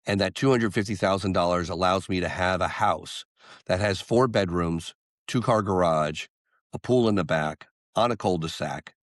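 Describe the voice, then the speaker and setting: A man, a singer-songwriter guest on an interview podcast, telling a story and acting out the quotes with lively jumps in voice. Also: low voice, moderate pace, no room sound, studio quality.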